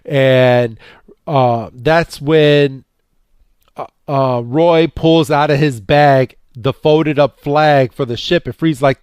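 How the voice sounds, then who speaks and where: A man co-hosting a podcast, casually recapping a cartoon episode and acting out the characters' lines with a jumpier, higher voice, full of fillers and repeats. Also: takes it slowly, smooth, dry recording, clean studio sound. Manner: animated retelling, acting out characters' lines with raised pitch; many fillers and repeated words. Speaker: podcast co-host.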